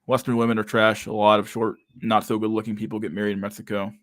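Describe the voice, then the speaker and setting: A man in his thirties hosting a loose live stream and reading viewer chat aloud. His voice sits low and barely moves in pitch as he swears his way through comments, throwing in "dude" constantly. The sound is dry and close, with almost no room around it. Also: flat delivery, quick pace, a bit bright, no room sound. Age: 30s. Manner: casual, profane, says "dude" a lot, reads comments aloud.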